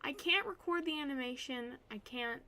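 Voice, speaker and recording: A young woman streaming live, chatting to herself as she works, frustrated with her software. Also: sits high, lively intonation, normal speed, a little hiss or hum. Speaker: art streamer.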